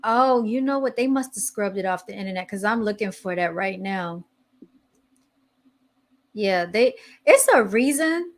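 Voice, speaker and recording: A woman hosting a casual podcast, chatting in an animated way while searching online and reading posts aloud. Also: medium pitch, a little slow. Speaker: podcast host. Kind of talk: casual chat.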